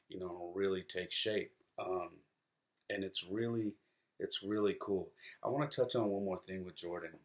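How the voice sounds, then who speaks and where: A man in his thirties hosting a casual podcast, rambling through stories with fillers and restarts and acting out his sons' quoted words. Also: sits low. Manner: acts out quoted voices of his sons. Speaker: podcast host. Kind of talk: casual solo podcast talk.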